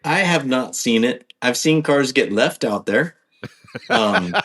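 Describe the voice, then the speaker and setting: A man's voice: mid-range voice, very animated, slow, gravelly, a bit bright. A man guesting on a podcast, talking casually in a rambling, hesitant way with many ums and restarts. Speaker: podcast guest, off-road driver.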